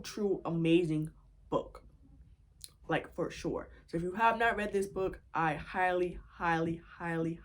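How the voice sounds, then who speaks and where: A woman records a casual book review vlog at home. Her voice sits a little low, and she gushes, repeating phrases as she goes. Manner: gushing, repeats herself. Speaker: book vlogger.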